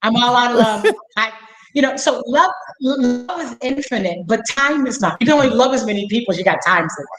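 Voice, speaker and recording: Animated woman telling stories, echoey room. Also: fairly high pitch, fairly quick. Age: 50s. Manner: animated storyteller acting out dialogue. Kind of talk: casual conversation.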